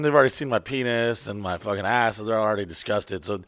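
A man's voice: lowish voice, quick pace, a bit bright, no echo, clean studio sound. A man chatting casually as a podcast host, swearing freely and acting out quotes as he tells stories. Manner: profane, storytelling, acts out quotes in voices. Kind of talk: casual chat.

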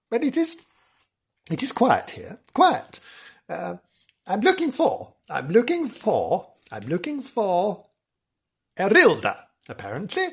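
A man's voice: sits high, husky, voice pushed up, exaggerated voice. A man voicing a chirpy middle-aged woman out as a field reporter, fluttery and giggly. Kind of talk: comic outdoor report sketch.

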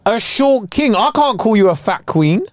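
A young man, co-hosting a casual podcast with expressive, slangy banter. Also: normal speed, no echo. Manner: highly expressive, laughing, slangy. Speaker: podcast co-host. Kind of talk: casual chat.

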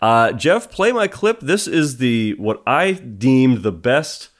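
A man's voice: medium pitch, very animated, takes it slowly. A man hosting a comedy podcast in casual chat, jokey and steering the conversation. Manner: jokey, steers the talk, breaks into silly voices. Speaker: podcast host.

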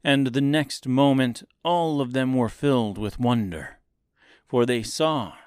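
A man narrating a children's storybook in a measured reading. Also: mid-range voice, no room sound, studio quality. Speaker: audiobook narrator.

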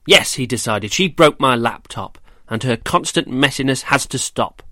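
A man's voice: medium pitch, expressive, normal speed, sharp tone, dry recording, studio quality. Man reading a rhyming bedtime story. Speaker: storyteller and host.

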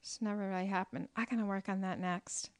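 A woman's voice: mid-range voice, fairly even intonation, a little fast, poor audio. Chatty laughing woman guest. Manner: chatty storyteller, laughs often, many fillers. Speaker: guest, restaurant owner and cookbook author. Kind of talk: casual interview chat.

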